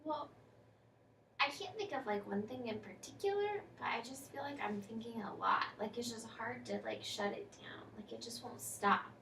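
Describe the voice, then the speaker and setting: A woman acts out a weary schoolgirl in a counseling role-play. She rambles and stumbles, with slight vocal fry. The sound is distant and roomy, with faint background noise. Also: fairly high pitch, moderate pace, fairly bright tone. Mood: restless. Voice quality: hesitant, rambling with many fillers. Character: female schoolkid client, tired, restless, unsure. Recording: echoey room, distant mic, faint noise.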